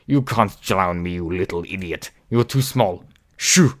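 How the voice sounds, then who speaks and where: Man putting on a deadpan Russian-accented tough guy. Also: sits low, normal speed, lightly acted. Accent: mock Russian. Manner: calm, deadpan, blunt, swearing. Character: deadpan gruff grown man with camera.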